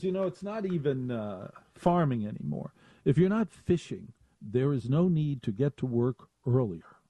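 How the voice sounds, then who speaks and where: A man hosting a radio talk show, rambling and self-mocking, with animated asides, in a studio. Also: mid-range voice, no room sound, highs cut off.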